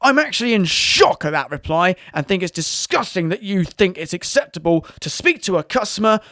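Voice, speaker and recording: A man's voice: sits high, sing-song, brisk, sharp tone, no room sound, studio quality, pitched above the performer's own voice, heavily acted. A man with a British accent voicing an indignant female shopper writing an exasperated complaint. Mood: outraged.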